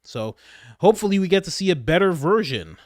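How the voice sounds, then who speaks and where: A man doing casual, joking reaction commentary, ranting in an animated way. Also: high-pitched, brisk, no echo, clean studio sound. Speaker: political commentator.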